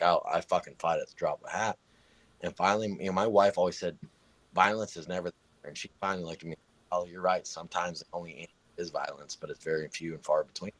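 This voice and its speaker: A man's voice: low voice, a bit bright, dry recording. A man in his thirties or forties telling a heated personal story in casual chat, swearing constantly.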